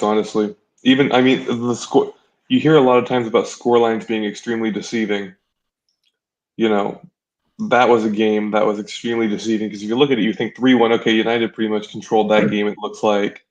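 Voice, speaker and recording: Male panelist, lowish voice, laid-back and blunt. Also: darkish tone, muffled recording. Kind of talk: casual fan chat.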